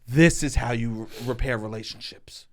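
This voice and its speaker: A man's voice: mid-range voice, normal speed. A young man from Staten Island, co-hosting a casual comedic podcast and acting out family scenes as he tells stories. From Staten Island, New York. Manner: animated storyteller, acts out family voices. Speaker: podcast co-host.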